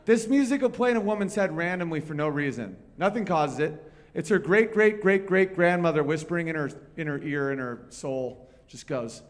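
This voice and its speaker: A man's voice: fairly high pitch, expressive, fairly quick. A man performing a brash, profane stand-up comedy set at a live venue.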